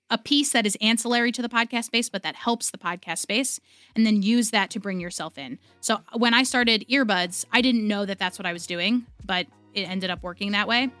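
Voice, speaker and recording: A woman's voice: mid-range voice, fairly quick, pushed and bright, no echo, studio quality. A woman from the United States, a guest on a podcast, talking in an enthusiastic, chatty way. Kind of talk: podcast interview.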